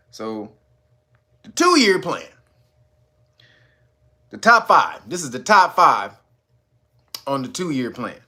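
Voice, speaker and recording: A man hosting his own channel, giving loose, profane commentary and laughing often as he talks. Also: pushed and bright. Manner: mocks a stiff, slow talker in a low voice. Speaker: channel host. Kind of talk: casual commentary video.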